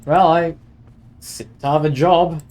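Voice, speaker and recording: A man's voice: a little high, fairly even intonation, measured pace, darkish tone. A man streaming a detective game, chatting wryly and reading game text aloud. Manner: chatty, wry, reads aloud with asides.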